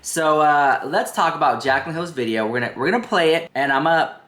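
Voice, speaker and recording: A man's voice: on the high side, fairly quick, a bit bright, roomy sound. A man hosting a drama commentary show, reacting to a clip in a sassy, chatty way and talking straight to his viewers.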